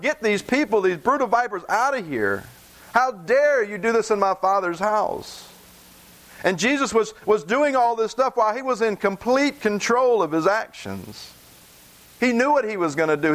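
A man's voice: high voice, fairly bright tone. A middle-aged man preaching a sermon in an earnest way, often repeating words as he starts a phrase.

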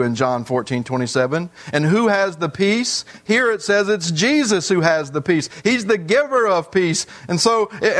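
Here a pastor addresses his congregation from the pulpit, high in pitch and a touch bright, sounding sincere and repeating himself, with pauses that drag on at length.

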